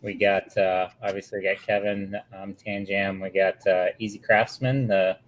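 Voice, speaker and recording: A man's voice: low voice, little pitch movement, normal speed, slight background noise, poor audio. A man hosting a casual live stream, welcoming viewers and reading out chat comments. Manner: friendly, welcoming, reads out chat. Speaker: stream host.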